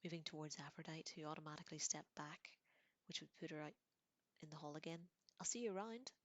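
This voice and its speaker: A woman reading a novel aloud in a soft voice that often drops to a whisper, with casual asides. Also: sits low, flat delivery, quick pace, no echo. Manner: casual asides between passages. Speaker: audiobook reader.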